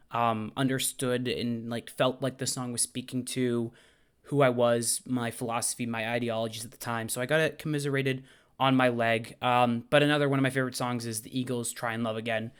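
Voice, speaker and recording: In a laid-back vlog, a young man in his twenties who teaches high school English fields questions from viewers. He talks fairly quickly and smoothly, animated and outspoken, swearing casually now and then.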